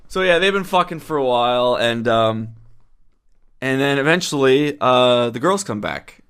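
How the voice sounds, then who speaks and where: A man co-hosting a podcast, riffing on a made-up movie plot with crude, rambling jokes and quick put-on voices for the characters. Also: mid-range voice, animated, a bit bright, smooth. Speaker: podcast co-host.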